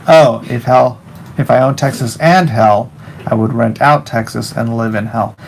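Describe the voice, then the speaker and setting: Man, mid-pitch, gravelly, unhurried, wry artist reading stream chat aloud at a desk mic. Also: slight background noise, poor audio. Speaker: artist live-streaming while drawing. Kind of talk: casual live-stream chat.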